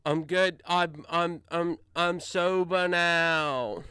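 Dude putting on a smarmy sleazy schmoozer, loud and kinda high, drawls everything. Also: male voice, fairly even intonation, very slow, clean tone, no room sound, clean studio sound, full character voice.

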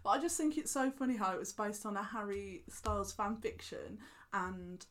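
A woman's voice: medium pitch, lively intonation, moderate pace, fairly bright tone. A young woman chatting casually on a podcast, giggling often and acting out quotes in little voices. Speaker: podcast co-host. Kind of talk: casual chat.

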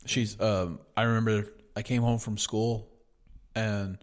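A man's voice: on the low side, level tone, a little slow. A young man, co-hosting a podcast in casual chat and telling stories in a laid-back, profane way. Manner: laid-back, profane storytelling, says "dude" a lot. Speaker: podcast co-host.

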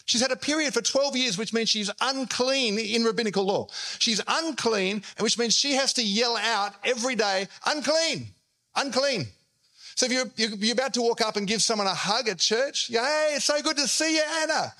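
A man's voice: very high-pitched, a little fast, hardly any pauses, sharp tone. A man preaching a sermon as pastor, telling the story and acting out the quotes in shifting voices.

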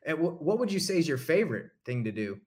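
A man's voice: on the high side, sing-song, fast, darkish tone. A man hosting a podcast interview, chatting in a laid-back, stumbling way and calling his guest dude and man. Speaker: podcast host. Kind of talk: casual interview chat.

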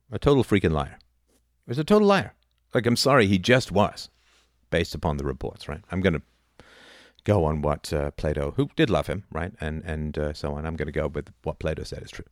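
A middle-aged man talking casually about philosophy, animated, dipping into mocking impressions. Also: deep voice, no echo, studio quality. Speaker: podcast host.

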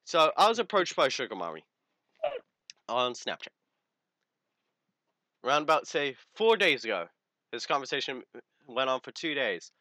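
Lively teen guy. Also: mid-range voice, moderate pace, pauses often, no echo. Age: teens. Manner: crude, animated storyteller. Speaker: podcast co-host. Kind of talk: casual storytelling chat.

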